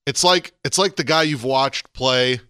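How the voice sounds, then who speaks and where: Male podcast co-host, animated casual talker, bright voice. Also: medium pitch, measured pace, clear, resonant tone, no echo, studio quality. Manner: animated, rising to emphatic peaks. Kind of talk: casual wrestling chat.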